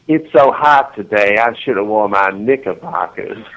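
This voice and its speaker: A man playing a genteel, mock-formal Southern gentleman, drawling slowly in a put-on Southern accent. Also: on the low side, expressive, muffled recording. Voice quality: slow, drawling, mannered.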